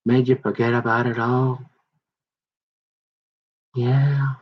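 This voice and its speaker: A man's voice: mid-range voice, little pitch movement, breathy edge. Rambling aggrieved man, lo-fi recording. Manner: rambling, halting, full of restarts and asides; aggrieved, heated. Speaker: son recounting a family conflict. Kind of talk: rambling personal account.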